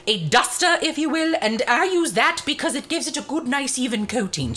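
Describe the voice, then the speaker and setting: A cheerful, motherly Mrs. Claus, played by a woman, hosts a baking segment from the North Pole. She chats and rambles with cheeky asides, her high voice bouncing up and down in lively swoops. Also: heavily acted. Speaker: show host in character. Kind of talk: in-character cooking segment.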